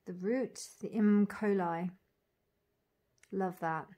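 A woman walking through an oracle deck card by card, calling out each name and meaning with soft, gushing admiration. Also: medium pitch, steady tone, slow pace. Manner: dreamy, admiring, lingers on single words; soft laughs and gushing asides. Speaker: tarot reader reviewing an oracle deck. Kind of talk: casual unboxing walk-through.

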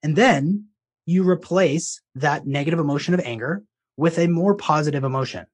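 Guesting on a podcast, a male life coach with a voice on the high side speaks at a moderate pace. His storytelling is long and meandering, full of restarts.

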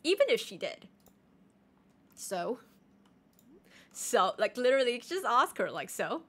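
Late-twenties woman streamer, loose and teasing, laughs at herself, voice sits a bit high. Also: unhurried. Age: late 20s. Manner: animated, joking and self-mocking. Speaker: game streamer. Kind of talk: casual live-stream chat.

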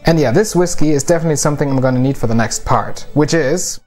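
A man's voice: fairly high pitch, fast talker, a little mellow, soft background music. Sarcastic German-born man narrating. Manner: sarcastic, irreverent, swears for comedy. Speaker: linguistics video host. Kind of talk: scripted narration with jokes.

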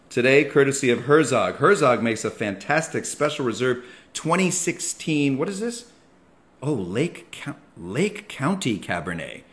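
A middle-aged man hosting a comic monologue, ranting and self-mocking with sudden loud yells. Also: mid-range voice, sing-song, normal speed. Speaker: comedian host.

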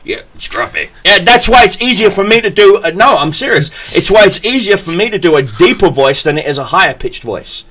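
A young man, a podcast host telling stories in casual chat, profane and animated, acting out the people he quotes. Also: sits high, brisk, hardly any pauses.

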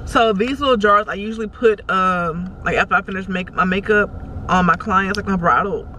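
A woman's voice: medium pitch, moderate pace, sharp tone. Chatty woman in a car. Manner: chatty, rambling, easily exasperated. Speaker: makeup artist. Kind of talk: casual vlog chat. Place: in a car while driving in traffic. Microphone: camera in the car. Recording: car noise behind the voice.

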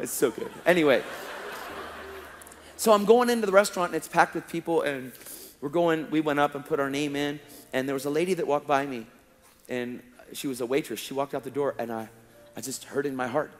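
A male preacher telling a testimony story in an animated way, acting out the dialogue and laughing along, in a large hall. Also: mid-range voice, moderate pace. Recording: long hall reverb, faint music.

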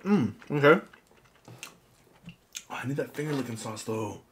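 A man's voice: mid-range voice, lively intonation, normal speed, slight background noise. A young man chatting casually with viewers while eating a big meal on camera, talking between bites. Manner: quiet murmured prayer. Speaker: mukbang vlogger. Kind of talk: casual eating vlog chat.

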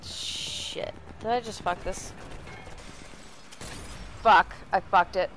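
A woman streaming live gameplay commentary, swearing freely and yelling at the game. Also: mid-range voice, fairly even intonation, very slow, slight background noise. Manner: profane, exclaiming, talks to the game.

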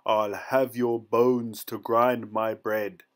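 A man's voice: medium pitch, little pitch movement, slow pace, lightly acted. Man doing a bellowing storybook giant. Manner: growling, bellowing. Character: huge angry man-eating male giant.

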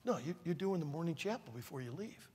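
A man voicing a calm, insistent male friend who speaks low and matter-of-fact. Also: quick pace, slightly rough. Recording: reverberant large hall.

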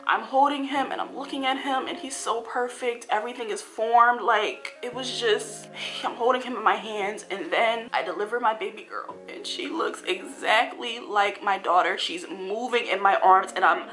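A young woman vlogger telling a painful personal story in a halting way, full of fillers and restarts, at times near tears. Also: a little high, a bit bright, soft background music. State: tearful, voice breaking.

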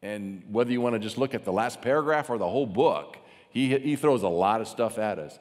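Animated male pastor preaching in a hall. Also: on the low side, fairly quick. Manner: animated, acts out mocking voices. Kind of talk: sermon. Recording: long hall reverb.

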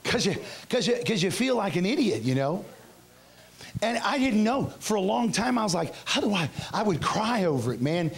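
A middle-aged male pastor preaching a revival sermon, telling stories and acting out his own past outbursts with shouts, in a church. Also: high voice, big pitch swings, moderate pace. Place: church sanctuary.

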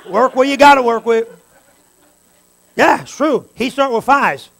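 Man, pastor, sermon, high voice, gravelly, fervent, talks straight to the room. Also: unhurried. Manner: preaching with rising fervor, direct address to the congregation.

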